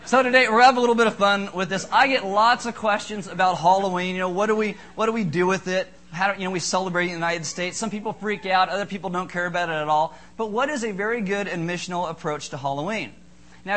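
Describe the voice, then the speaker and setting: A man preaching to a congregation in a lively, joking way, telling a ghost tale before his sermon. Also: high voice. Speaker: pastor. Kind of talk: sermon with a told ghost story. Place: church hall with a congregation.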